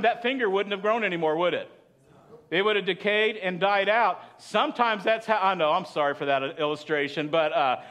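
Delivering a sermon as pastor, this man speaks in a high register with a fairly bright tone. His manner is chatty, and he often asks the congregation questions.

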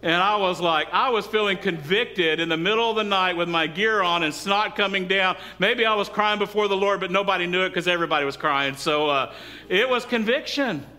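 A middle-aged pastor preaches a church sermon in a high voice, moving along fairly quickly. He narrates stories in a lively manner and seeks responses from the congregation.

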